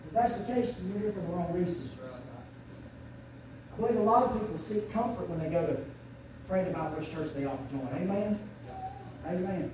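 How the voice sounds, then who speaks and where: A man preaching a fervent sermon as pastor, swinging from quiet asides up to loud shouts. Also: moderate pace, long pauses, slight background noise. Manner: fervent preaching, surging to shouts and dropping low. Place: church sanctuary. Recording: very echoey church sanctuary, mic at a distance.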